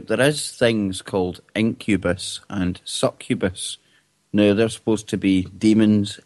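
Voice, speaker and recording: Give me a man hosting a casual podcast with a low voice and dry sound, teasing and jokey. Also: darkish tone, dry recording. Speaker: host.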